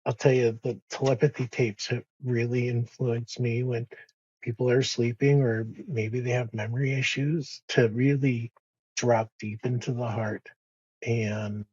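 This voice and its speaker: A man speaking as a podcast guest in a slow, soft-spoken, reflective way, pausing often and restarting his sentences. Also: medium pitch, flat delivery, husky, dry recording, dull audio. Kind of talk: reflective conversation.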